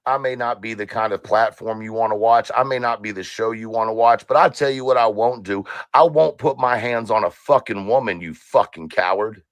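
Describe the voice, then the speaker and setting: A man's voice: lowish voice, fairly quick, few pauses, no room sound. A man ranting on a stream, taunting and cursing at a rival. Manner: taunting, profane, confrontational. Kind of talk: angry live-stream rant.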